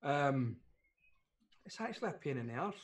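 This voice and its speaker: A man's voice: on the high side, big pitch swings, normal speed. A British man co-hosting a casual live stream, chatty and rambling, often repeating his words. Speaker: co-host.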